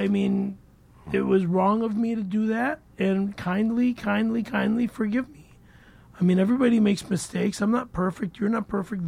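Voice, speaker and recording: A man reading ads on a comedy podcast, halting and stammering, nervous and repeating himself. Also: high voice, creaky, darkish tone. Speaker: show regular reading ads. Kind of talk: casual comedic podcast banter.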